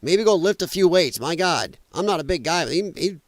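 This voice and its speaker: A man's voice: high voice, lively intonation, a little fast, no room sound. A man hosting an opinionated news commentary show, talking bluntly and mockingly, and rambling as he goes. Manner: rambling, trails off while scrolling. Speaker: podcast host.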